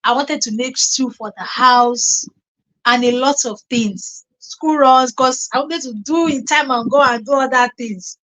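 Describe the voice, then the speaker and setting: A woman's voice: high voice, unhurried, a bit bright, low-quality recording. A young Nigerian woman hosting her own channel, talking casually on a live stream and breaking into pidgin exclamations and laughter as she tells stories. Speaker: YouTube reaction channel host.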